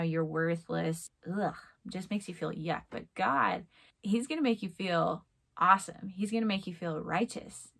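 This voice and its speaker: A woman with a low, gravelly voice gives a chatty devotional talk. She fills her speech with "like" and slips into a chirpy tone when she acts out prayers. The delivery is informal and conversational, not a formal sermon. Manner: chatty, conversational, often says "like". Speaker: Christian speaker. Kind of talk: casual devotional teaching.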